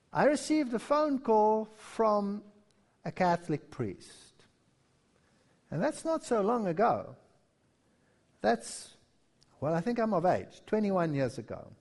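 A man preaching a history sermon, telling the story with animation and acting out the quotes. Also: high voice. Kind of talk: sermon-style history lecture.

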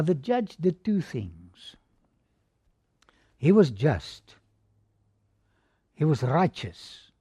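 Male preacher, slow and lively, lots of rhetorical questions, husky voice, dull lo-fi sound. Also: a little high, dry recording. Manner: rhetorical questions, dramatic storytelling. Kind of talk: sermon. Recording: dull lo-fi recording.

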